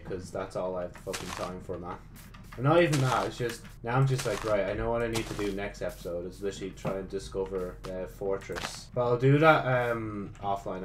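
A man hosting his own gaming channel, giving casual gameplay commentary, excitable and swearing often as he talks to himself. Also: fairly low pitch, background noise.

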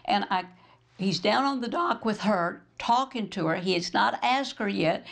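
A woman's voice: medium pitch, moderate pace, gravelly. A woman minister hosting her program, telling a story as a sermon and acting out the dialogue in it. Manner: animated storyteller, acts out quoted dialogue.

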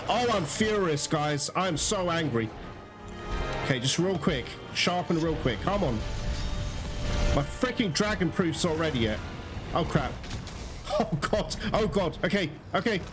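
A man giving excitable live gameplay commentary, swearing often and talking straight to his viewers over loud game music. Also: high-pitched, unhurried. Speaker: gaming YouTuber.

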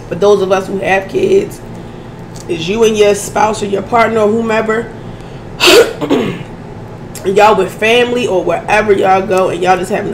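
A hoarse woman vlogger chatting casually to her viewers as she eats, often clearing her throat. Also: medium pitch, a little hiss or hum. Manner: chatty, addresses audience as y'all, keeps clearing her throat. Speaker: mukbang vlogger. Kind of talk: casual eating chat to viewers.

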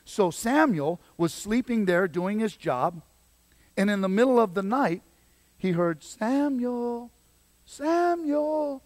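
A man preaching a sermon as pastor, swinging between loud exhortation and quiet emphasis. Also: high voice, animated, a little slow, no room sound.

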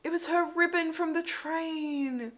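A woman's voice: extremely high pitch, steady tone, measured pace. A woman hosting a movie reaction, talking emotionally and exclaiming over what she sees. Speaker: host. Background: film audio and music.

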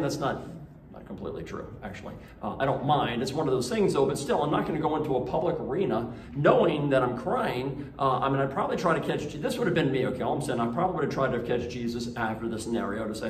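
A man's voice: on the high side, expressive, fairly quick, a little hiss or hum. A man, a Catholic priest, reading the Gospel and giving a homily at daily Mass in a conversational way, with many fillers and restarts. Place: church. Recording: echoey church from a distant mic.

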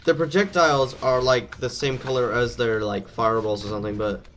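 A man's voice: mid-range voice, fairly even intonation, brisk, a bit bright. A man giving let's play commentary, jumpy and thinking aloud, swearing at the enemies as he plays. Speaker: gameplay commentator.

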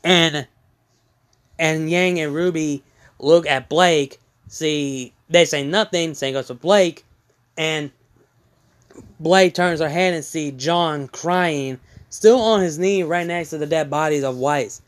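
A man casually retelling a fan story, halting with many fillers and restarts. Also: fairly high pitch.

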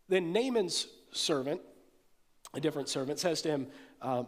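A man preaching a sermon, an animated storyteller who acts out the voices of the people in the story. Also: fairly high pitch, moderate pace, long pauses, long reverb tail. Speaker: pastor. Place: church sanctuary.

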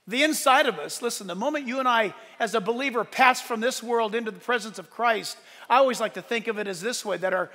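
A male pastor preaching a sunrise service sermon, animated and shouting at the high points, with joking asides. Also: in a large hall.

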